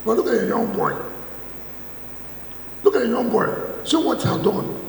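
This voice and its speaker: A Nigerian politician giving a forceful, mocking speech at a church thanksgiving, full of repetition and rhetorical questions. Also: male voice, very high-pitched, normal speed, gravelly, a little hiss or hum. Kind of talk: public speech. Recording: echoey hall, speaker far from mic.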